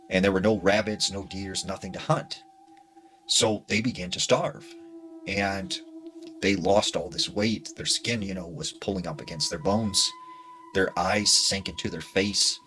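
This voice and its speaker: A man narrating a spooky true story in a hushed, dramatic way with casual fillers. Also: low voice, a little slow, a little hiss or hum.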